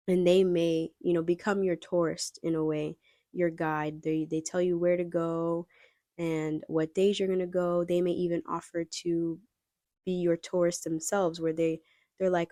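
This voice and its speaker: A woman's voice: on the low side, level tone, a little slow, dark tone, dry recording, studio quality. A young woman giving a casual pick-a-card tarot reading, chatty and rambling as she talks straight to her viewers. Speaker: tarot reader.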